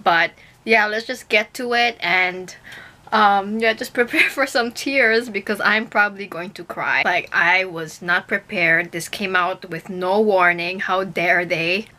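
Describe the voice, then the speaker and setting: A young woman talks straight to her camera from a small bedroom, her voice bright and forward. She gushes and gets emotional, filling her talk with likes and ums. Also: medium pitch, a little slow. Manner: gushing, emotional, fillers and many likes. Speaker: YouTuber reacting to a music video. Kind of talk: casual chat to camera.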